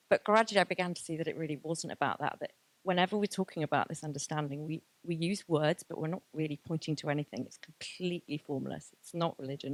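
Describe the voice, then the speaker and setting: A woman in her thirties with a low-pitched voice gives a candid, emotional personal testimony as a graduation speaker, using many fillers. There is no echo on the recording.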